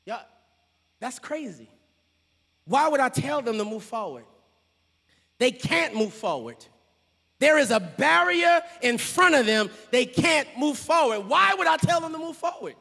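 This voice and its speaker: A man's voice: very high-pitched, big pitch swings, a little slow, creaky, long pauses, bright, forceful tone. A male preacher giving a sermon in a church, talking casually and folksy, straight to the congregation. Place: church sanctuary with a choir. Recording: long echoey church reverb.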